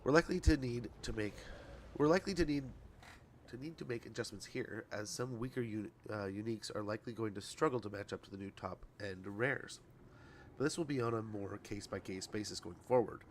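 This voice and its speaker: A man's voice: lowish voice, a little fast, a little hiss or hum. A male streamer in casual livestream chat, reading patch notes aloud, rambling, tripping over words and laughing at himself.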